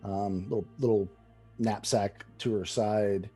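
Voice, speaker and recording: Low mellow-voiced dungeon master. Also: male voice, fairly even intonation, slow, breathy edge, soft background music. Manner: casual, filler-heavy, hesitant narration. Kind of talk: narrating a tabletop game. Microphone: online call microphone.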